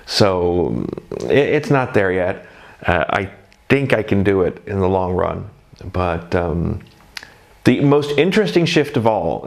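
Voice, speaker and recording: Low-voiced man in a rambling chat. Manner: rambling, self-deprecating, chatty. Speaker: drag performer reflecting on first night. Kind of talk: casual rambling monologue.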